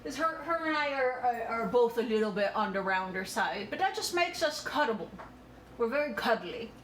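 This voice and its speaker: A woman's voice: on the high side, animated, fairly quick, a bit bright, roomy sound, a little hiss or hum, rough recording. A woman chatting casually while she cooks in her home kitchen, swearing and laughing about her pets. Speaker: cooking streamer. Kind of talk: casual chat while cooking.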